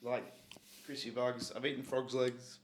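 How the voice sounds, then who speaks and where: A man's voice: medium pitch, level tone, a little slow. A man in casual podcast chat who teases, asks questions and tells loose stories. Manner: teasing, questioning, storytelling. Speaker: podcast co-talker.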